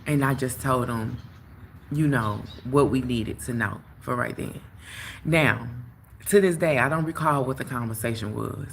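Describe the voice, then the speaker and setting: A young woman hosting a livestream, telling a story in a casual, animated way straight to her viewers. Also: rumbling low, unhurried, creaky, slight background noise. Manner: animated, talks straight to viewers, lots of "like" and "you know". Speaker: tarot reader and livestream host. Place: outdoors at work, phone livestream.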